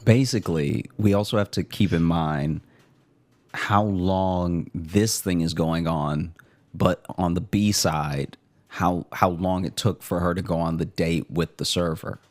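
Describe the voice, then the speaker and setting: A man's voice: sits low, steady tone, a little slow, darkish tone, dry recording. A man co-hosting a comedy podcast, chatting casually and thinking aloud. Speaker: podcast co-host.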